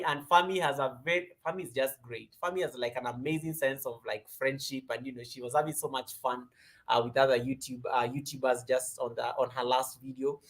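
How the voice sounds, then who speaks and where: A Kenyan woman with a Kenyan accent runs a relaxed yoga livestream, talking her way through viewer comments. She tends to ramble, calls out viewers by name, and her voice frequently leaps higher and louder.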